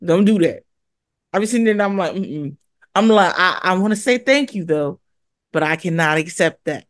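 Lively young woman telling stories in a dry studio. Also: fairly low pitch, normal speed, no room sound. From born in Hawaii, raised in California. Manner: animated storyteller, acts out quoted voices. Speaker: guest athlete. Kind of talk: casual interview chat.

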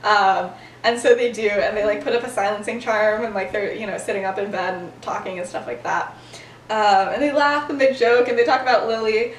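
A young woman hosts a podcast, chattily recapping a story and voicing the characters' lines while laughing often. Her mid-range voice keeps a fairly even intonation and moves a little fast. The sound is roomy, with a distant mic and faint background noise.

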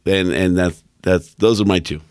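A man's voice: sits low, fairly even intonation, moderate pace, darkish tone, no room sound, studio quality. Blunt opinionated man on a podcast. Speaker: podcast co-host. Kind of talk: casual podcast chat.

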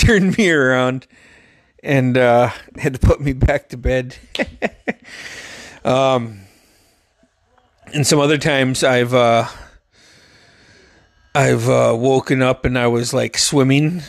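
A young man telling his dream stories in a casual monologue, swearing constantly and acting out the voices and yells. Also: medium pitch, no echo, clean studio sound. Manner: profane, animated, acts out quotes with loud yelps. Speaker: storyteller.

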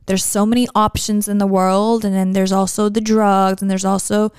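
A woman's voice: medium pitch, level tone, moderate pace, darkish tone, smooth, dry recording, studio quality. A young woman hosting a podcast, chatting in a rambling, earnest way about her faith and daily life. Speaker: podcast host. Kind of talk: casual podcast chat.

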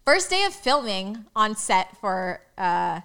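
A woman's voice: medium pitch, sing-song, creaky, sharp tone, clear, resonant tone. A young woman co-hosting a podcast, telling stories in casual, chatty talk. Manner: fast, chatty storytelling. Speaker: podcast co-host. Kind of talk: casual chat.

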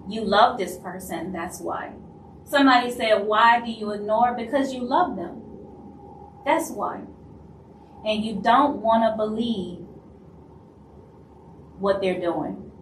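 A woman from Louisiana with a Louisiana Southern accent, hosting a live stream in casual talk and acting out other people's lines in quick asides. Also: medium pitch, slight background noise. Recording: roomy echo, voice from a distance, faint ambience.

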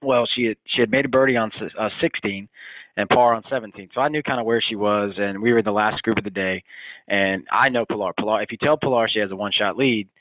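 Coach guy, fired up, quick talker, dry phone-call sound. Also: lowish voice, dry recording. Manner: energetic, enthusiastic. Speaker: college golf coach. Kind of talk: casual storytelling in an interview. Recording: tinny phone line.

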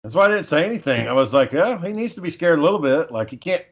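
A man tells stories in loose, casual chat, cursing freely and laughing along. His voice sits a little on the high side for a man. He keeps an easygoing pace. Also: very animated, fast, highs cut off. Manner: laid-back storyteller, swears a lot, chuckles.

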